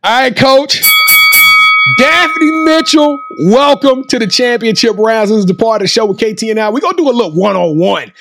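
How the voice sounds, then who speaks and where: A man's voice: very high-pitched, expressive, moderate pace, a bit bright, faint music behind. A man hosting a sports talk show, hyped up and running a game-show style segment. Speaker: podcast host. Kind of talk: casual interview hosting.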